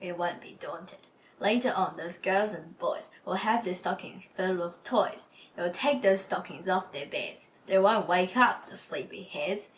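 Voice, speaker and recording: A woman's voice: lowish voice, a little slow, distant mic, a little hiss or hum, close to an everyday voice. A woman reading a storybook, voicing a lanky female thief who brags about the heist. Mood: cocky. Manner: bragging, cocky. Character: lanky female thief, boastful but jumpy. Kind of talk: storybook read-aloud.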